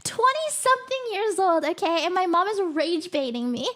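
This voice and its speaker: A streamer in her twenties with a very high voice tells her chat about a grievance, getting worked up and dramatic as she rambles. She swears casually and keeps circling back to her point. Her tone is bright and sharp. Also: sing-song, moderate pace. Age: 20s. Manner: dramatic, rambling, exasperated, swears and laughs often. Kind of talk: casual livestream rant to chat.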